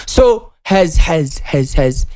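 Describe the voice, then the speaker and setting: Insistent male co-host with a lively pitch. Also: takes it slowly. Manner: insistent, interrupting, cross-examining. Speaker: podcast co-host. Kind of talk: casual wrestling debate.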